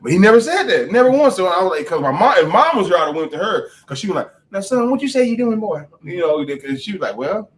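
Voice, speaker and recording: Fast-talking, emphatic man telling stories. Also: fairly high pitch, sing-song, fairly bright tone. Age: adult parent. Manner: emphatic, storytelling, repeats phrases. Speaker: podcast guest. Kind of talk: casual interview talk.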